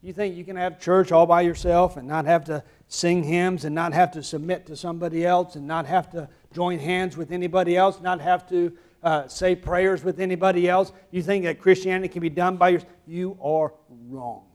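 High-voiced Southern preacher. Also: male voice, steady tone, moderate pace, hardly any pauses. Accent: Southern American. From American South. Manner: swings from quiet asides to loud emphatic preaching. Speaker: pastor. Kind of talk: sermon.

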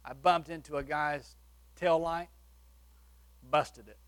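A man preaching, telling a personal testimony with animated shifts between loud and soft. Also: on the high side, slow pace. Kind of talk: sermon testimony story.

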